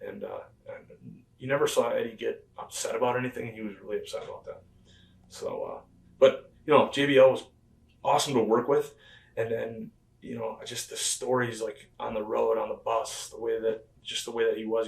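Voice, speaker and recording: A man's voice: lowish voice, a little fast, vocal fry. A man, a former pro wrestler as an interview guest, telling rambling backstage anecdotes with lots of fillers and the odd chuckle. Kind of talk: casual storytelling interview. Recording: roomy and distant from the mic.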